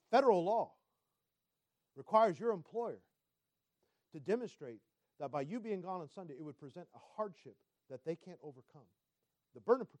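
High-voiced preaching man, dry sound. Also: no room sound. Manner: preaching with sudden swings between loud emphasis and quiet asides; asks the congregation direct questions. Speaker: pastor. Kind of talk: sermon.

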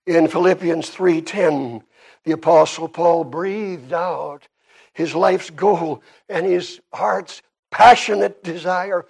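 Man, Canadian accent, preacher, sermon, emphatic, high voice, slow. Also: vocal fry, slightly rough. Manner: emphatic, swings between soft and loud.

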